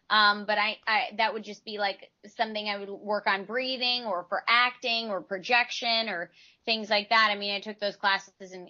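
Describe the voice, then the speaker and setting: A woman from Texas talks casually as an interview guest, a voice actress who rambles through her answers and restarts her sentences. Her voice is bright and forward. The recording sounds a little muffled and lo-fi. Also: mid-range voice. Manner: chatty, rambling explanations with restarts.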